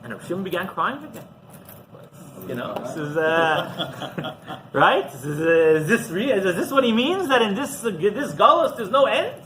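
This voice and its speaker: Rabbi telling a story in class, high bright voice, keeps asking right?. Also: male voice, moderate pace, a little hiss or hum, poor audio. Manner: animated storyteller who often asks "right?".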